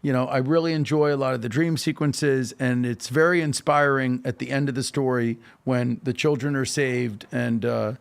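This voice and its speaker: Gravelly-voiced man, emphatic storyteller. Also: medium pitch, fairly even intonation, moderate pace, few pauses. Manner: emphatic storytelling, frequent "okay?" check-ins and filler restarts. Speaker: podcast guest. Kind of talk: animated casual talk.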